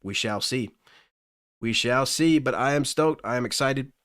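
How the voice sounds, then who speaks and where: A man's voice: mid-range voice, unhurried, fairly bright tone, no echo, clean studio sound. A man hosting a casual livestream, talking enthusiastically and gushing about music apps. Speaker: livestream host.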